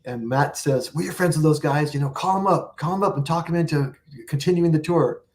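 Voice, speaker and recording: Speaking briskly with a darkish tone and a voice on the high side, a man appears as the guest musician on an interview show. His talk consists of long, wandering anecdotes in which he performs the quotes of the people involved.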